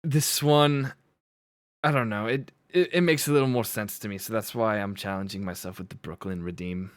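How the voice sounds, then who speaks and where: A man's voice: lowish voice, normal speed, no echo, studio quality. A man streaming live and chatting casually with his viewers. He rambles, corrects himself and laughs often.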